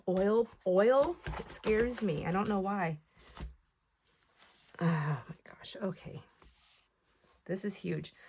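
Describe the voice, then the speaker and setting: A woman chatting to camera while showing off a craft haul, excitable and full of fillers and asides. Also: lowish voice. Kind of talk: casual chat to camera.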